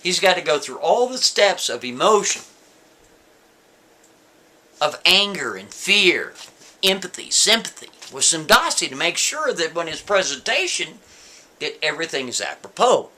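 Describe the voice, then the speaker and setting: A man's voice: on the high side, very animated, a little slow, bright, forceful tone. A man telling a story casually, talking straight to the listener and checking in with them often. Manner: conversational, asks listener "right?" and "see?".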